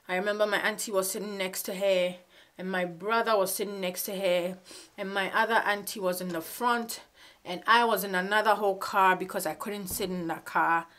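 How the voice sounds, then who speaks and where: A woman in her twenties telling a personal story in a vlog, halting and emotional, fighting back tears. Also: mid-range voice, a bit bright. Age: 20s. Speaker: vlogger. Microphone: phone camera.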